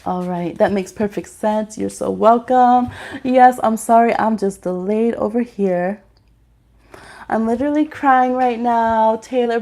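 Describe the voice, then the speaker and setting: A woman's voice: a little high, a little mellow. A woman hosting a live-stream tarot reading, chatting casually with many fillers while she reads the chat aloud.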